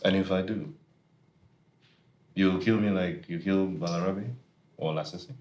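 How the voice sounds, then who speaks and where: A man playing a smug, deep-voiced company heir. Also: moderate pace, a little mellow, dull audio, lightly acted. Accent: Nigerian. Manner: smug and dismissive, ends lines with a taunting 'hmm?'. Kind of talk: TV drama acting.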